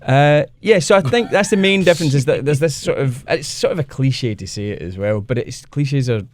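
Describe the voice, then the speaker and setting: A man's voice: mid-range voice, brisk. A middle-aged man with a Glasgow Scottish accent, a guest actor chatting on a radio show, self-deprecating and often laughing as he tells stories. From Scotland. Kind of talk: casual radio interview chat.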